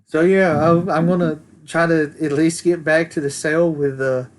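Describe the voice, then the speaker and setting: A man's voice: on the high side, steady tone, normal speed, slight background noise. A young man playing a tabletop game, casual and a little hesitant. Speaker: player. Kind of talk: casual play.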